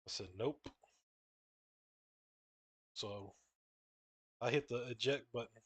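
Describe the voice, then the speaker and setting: A man's voice: medium pitch, slow, breathy edge. A young man, rambling casually and swearing while he draws a comic page and tells stories. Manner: rambling, profane, says "bro" and "dude" a lot. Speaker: comic artist drawing on stream. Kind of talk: casual storytelling while drawing.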